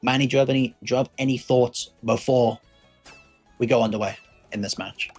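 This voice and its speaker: A man giving play-by-play commentary on a competitive racing match, measured and hedging, with frequent fillers. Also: medium pitch, steady tone, a little mellow, breathy edge, soft background music, rough recording. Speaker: esports commentator.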